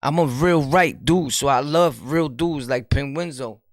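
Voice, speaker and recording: A man with a New York accent, a streamer giving an animated, preachy commentary in street slang and laughing often. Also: on the high side, measured pace, dry recording, clean studio sound. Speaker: streamer and YouTuber. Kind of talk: casual commentary monologue.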